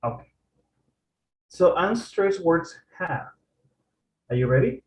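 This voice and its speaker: A man tutors a student casually, encouraging him and often checking that he is ready to go on. His voice sits fairly high, and the room around him is echoey. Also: very animated, takes it slowly. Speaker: English tutor.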